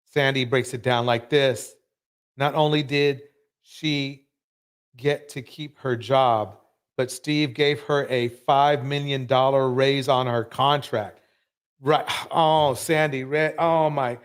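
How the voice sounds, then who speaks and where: A man's voice: mid-range voice, fairly even intonation, slow pace, smooth. A man hosting a live show, commenting emphatically and ranting about what he has just watched. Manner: emphatic, ranting, repeats himself.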